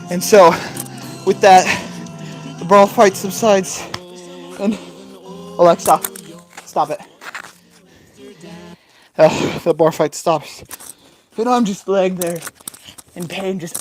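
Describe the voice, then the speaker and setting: A woman's voice: fairly low pitch, measured pace, pauses often, a little mellow, faint music behind. A woman hosting, telling a rambling improvised comic story with giggles and silly sound effects. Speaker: host.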